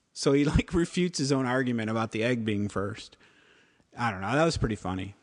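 A man's voice: medium pitch, fairly quick. Man, co-host, casual chat, rambling delivery with acted-out quotes, reverberant room. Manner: rambling, acts out quotes, frequent "like". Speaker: podcast co-host. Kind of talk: casual chat reviewing TV episodes.

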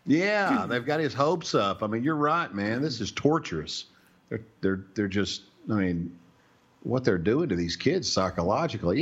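A man's voice: mid-range voice, lively intonation, normal speed, breathy edge. A man with a Southern US accent co-hosting a casual TV recap podcast, joking and bantering playfully. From American South. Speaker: podcast co-host. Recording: dull lo-fi podcast audio.

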